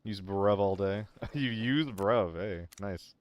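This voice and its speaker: A young man plays a shooter solo on stream, speaking slowly in a fairly low voice with a little background noise. As a gaming streamer he keeps things casual, chatting, swearing, bantering with his viewers, and leaping from one topic to another.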